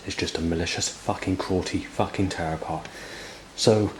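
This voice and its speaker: Low-voiced man rambling over hiss. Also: steady tone, moderate pace. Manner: rambling, hesitant, dotted with fillers. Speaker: diarist recording a personal log. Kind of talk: spoken log. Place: indoors in a building.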